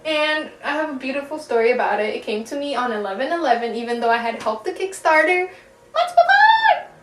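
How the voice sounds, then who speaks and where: A young woman giving a casual pick-a-card tarot reading, chatty and giggly, with casual swearing and drawn-out emphasis. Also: high voice, sing-song, a bit bright. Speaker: tarot reader. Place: room at home. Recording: echoey room, voice a bit far from mic, faint music.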